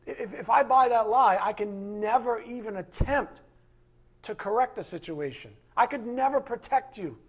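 A man's voice: high-pitched, lively intonation, normal speed, husky. A man pastor preaching a sermon with emphatic, impassioned delivery, acting out quoted voices along the way.

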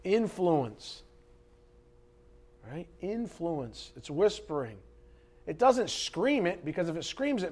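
A man preaching a sermon, dramatic, swinging from loud emphasis to hushed asides. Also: sits high, lively intonation, normal speed. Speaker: pastor.

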